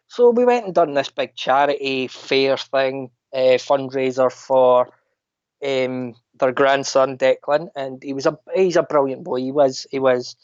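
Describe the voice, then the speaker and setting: A man with a Scottish accent, a podcast guest telling animated anecdotes in casual chat. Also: mid-range voice, dry recording. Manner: animated anecdotes, mimics other people's voices. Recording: dull lo-fi dry sound.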